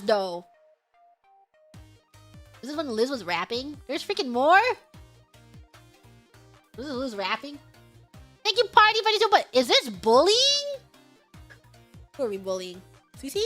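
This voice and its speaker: Young woman streamer, high bright voice, giggly and bubbly, reading superchats over faint music. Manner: bubbly, giggly, sings snatches of songs. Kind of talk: casual livestream chat.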